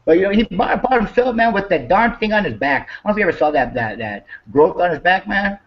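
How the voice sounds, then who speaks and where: A man talks in casual, rambling chat, cursing freely and circling back over the same words. His voice sits slightly high for a man. The recording sounds dull and lo-fi. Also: big pitch swings, fast talker. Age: 50s. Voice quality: profane, rambling, repeats himself.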